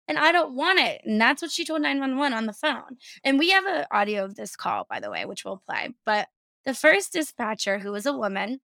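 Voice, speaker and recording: A woman's voice: fairly high pitch, bright, forceful tone, no echo. A woman hosting a podcast, chatting casually and reading out a news story with sarcastic, swearing asides. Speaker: podcast host.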